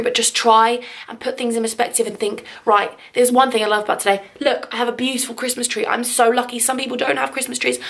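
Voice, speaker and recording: A woman's voice: on the high side, gravelly, fairly bright tone. Gushing young Englishwoman vlogging at home. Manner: gushing, emotional, upbeat. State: teary. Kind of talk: casual vlog to camera. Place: home living room. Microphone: handheld vlog camera.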